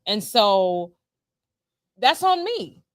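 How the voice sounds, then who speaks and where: A woman, a former school principal, chatting casually as a co-host, telling stories with a lively, repeating way of talking. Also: medium pitch, drawn-out words. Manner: storytelling, animated, repeats words, laughs often. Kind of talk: casual conversational chat.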